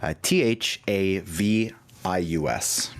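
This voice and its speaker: A man's voice: low-pitched, takes it slowly, creaky, no echo. A man running a tabletop game as dungeon master, narrating loosely with lots of fillers over an online voice call.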